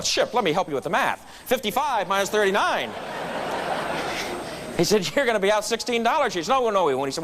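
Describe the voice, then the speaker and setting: A man's voice: sits high, background noise. A man giving a storytelling speech at a club meeting, acting out the voices of people in his anecdotes. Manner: animated storyteller acting out quotes. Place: meeting room.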